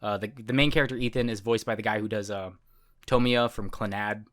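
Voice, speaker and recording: A man's voice: fairly low pitch, fairly even intonation, brisk, a bit bright. A man co-hosting a podcast in casual chat, rambling and correcting himself, laughing often. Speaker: podcast co-host.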